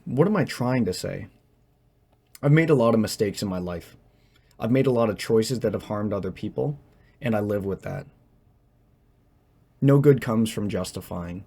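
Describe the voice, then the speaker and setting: A young man speaking in a personal confessional monologue, halting and hesitant as he searches for words, tense as he talks. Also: fairly low pitch, gravelly, dark tone, slightly rough. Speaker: vlogger.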